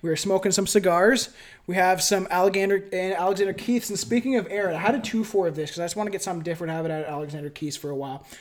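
A man's voice: sits high, rapid-fire. A Canadian man hosting a casual podcast at a friend's home, swearing freely and laughing as he reads his notes. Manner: casual and profane, laughs while reading notes. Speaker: podcast host. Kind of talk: casual podcast chat with scripted reading. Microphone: different home mic setup.

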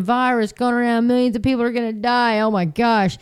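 A middle-aged woman talking casually to her viewers, chatty and animated, jumping into high mocking voices. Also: fairly quick, few pauses, smooth. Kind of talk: casual spoken monologue.

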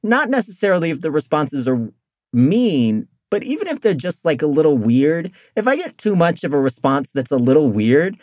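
Man, comedian guest, rambling, laughing, animated, dry mic. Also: fairly high pitch, normal speed, no room sound. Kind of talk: casual interview chat.

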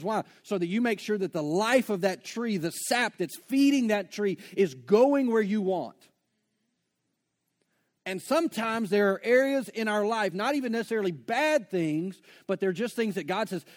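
A man preaching a conversational sermon to a congregation, slowing down to stress key phrases. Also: sits high, a little mellow. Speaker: pastor. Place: church before a congregation.

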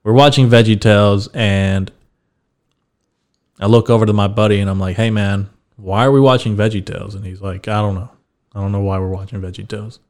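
A man's voice: lowish voice, fairly even intonation, brisk, darkish tone. A young man hosting a podcast, telling a story in a casual, laid-back way. He swears freely and laughs as he talks. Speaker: podcast host.

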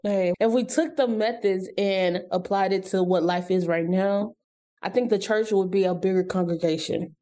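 A woman interviewing a pastor, asking questions in a relaxed, conversational way and affirming his answers. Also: medium pitch, normal speed. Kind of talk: casual interview.

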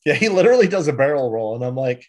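A man's voice: medium pitch, very animated, very fast. A man co-hosting a podcast in casual chat, joking and filling his speech with "uh"s and "um"s. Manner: joking, laughs often, fillers. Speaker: podcast co-host.

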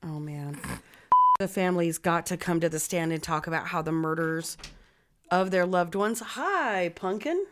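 A woman's voice: fairly low pitch, steady tone, normal speed, crowd noise. A woman co-hosting a casual chat, swearing freely and rambling through a story. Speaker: podcast co-host.

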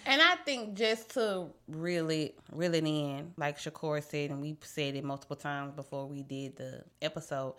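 Woman co-host, animated and preachy in casual faith chat. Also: low voice, normal speed, hardly any pauses. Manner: animated, preachy, acts out quotes. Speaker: podcast co-host.

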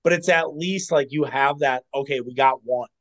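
A man co-hosting a casual sports podcast, opinionated and animated, with quick asides and some swearing. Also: medium pitch, low-quality recording. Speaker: podcast co-host.

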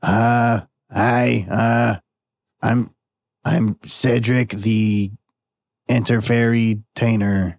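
A man's voice: medium pitch, flat delivery, very slow, gravelly, a little mellow, dry recording. A man voicing an awkward male fairy with a hot temper who talks hesitantly.

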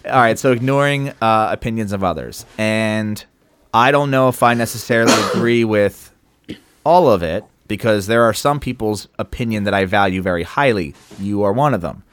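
A man's voice: on the low side, normal speed, fairly bright tone, clear, resonant tone. A man co-hosting a podcast, talking loosely in casual chat, swearing offhand and acting out stories from work. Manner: loose, chatty, swears casually, acts out anecdotes. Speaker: podcast co-host.

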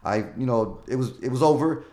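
A man's voice: medium pitch, fairly quick, dark tone. A male comedian being interviewed, telling long profane stories in a casual, rambling way. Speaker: comedian guest.

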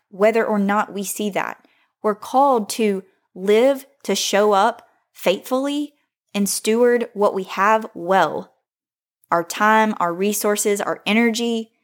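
A woman in her thirties hosting a faith podcast, speaking in an earnest, confessional way, close to tears, repeating phrases for emphasis. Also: medium pitch. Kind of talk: heartfelt devotional monologue.

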